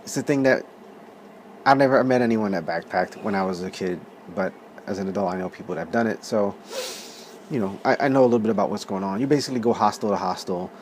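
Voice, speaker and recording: A man in his thirties rambles through a story in a loose, profane, chatty way and laughs often. His voice sits fairly low, with a faint hum of background noise behind it. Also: fast talker, darkish tone. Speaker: vlog host.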